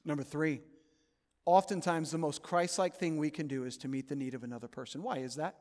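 A man preaching a sermon as pastor of his church, earnest, moving between loud urging and soft, hushed pleading. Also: a little high, a little fast, long reverb tail. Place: church sanctuary.

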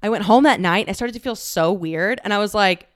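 A woman's voice: medium pitch, fairly quick. A young woman telling a personal story, candid and emotional, laughing often and close to tears.

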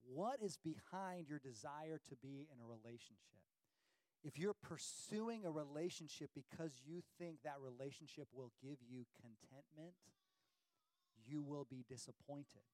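A man's voice: a little high, unhurried, a little mellow, dry recording, rough recording. A middle-aged man and parent on a church panel, teaching in a sermon-like way and repeating a line for effect.

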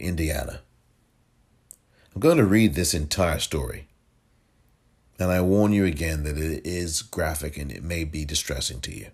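A man hosting a podcast, reading a news story aloud with his own commentary in a measured, deliberate way, stumbling now and then. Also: very deep voice, lively intonation, husky. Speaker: podcast host.

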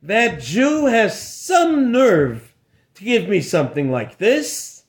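A haughty lord snaps out his orders in a raised, sharp tone, as a male storyteller puts him on. His words lurch up and down in pitch, and he is slow and heavy with scorn. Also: sing-song, exaggerated voice. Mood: scornful. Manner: commanding, scornful. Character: pompous lord of the castle, angry man.

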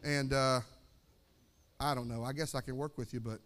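A man voicing a blunt, tactless male fitness trainer in a lower, rushed, mocking tone. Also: fairly even intonation, a bit bright, close to an everyday voice.

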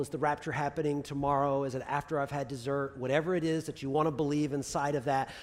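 A male pastor preaching a sermon in a conversational style, peppered with "right?" asides and building to loud urging. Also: fairly high pitch. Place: church sanctuary. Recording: long hall reverb.

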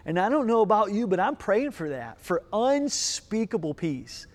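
High-voiced pastor preaching. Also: male voice, very animated, normal speed. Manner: earnest preaching with rising emphasis and rhetorical questions. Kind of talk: sermon.

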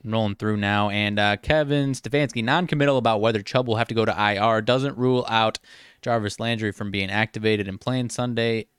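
A man co-hosting a football podcast, running quickly through injury news with a joking, brisk manner. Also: on the low side, steady tone, fairly bright tone, smooth, no room sound, studio quality. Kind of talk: casual sports podcast chat.

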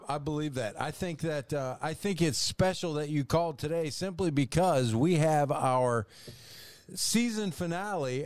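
A man's voice: a little high, a little mellow, no room sound, studio quality. A man hosting a comedy podcast, teasing the caller with crude jokes and laughter. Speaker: podcast host. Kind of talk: joking comedy podcast chat.

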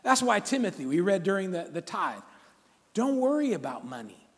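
A man preaching a sermon to his congregation, exhorting and joking with them in an animated way. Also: sits high, normal speed. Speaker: pastor. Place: church sanctuary. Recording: long church hall reverb.

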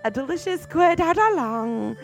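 A woman's voice: sits high, expressive, normal speed, creaky, faint music behind, pitched above the performer's own voice. A woman playing a perky TV cooking show host in a parody sketch, with a chirpy, salesy, instructional manner.

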